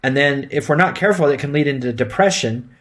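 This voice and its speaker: A middle-aged EMT instructor lectures emergency medical students in a mid-range, slightly bright voice at a quick pace. He speaks plainly and conversationally, with frequent fillers.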